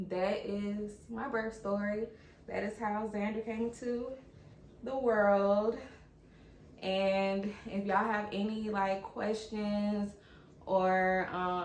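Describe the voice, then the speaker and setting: A woman's voice: medium pitch, roomy sound, slight background noise, rough recording. Chatty young woman. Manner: candid, chatty, addresses viewers as y'all. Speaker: vlogger sharing her birth story. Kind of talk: casual personal storytelling to camera.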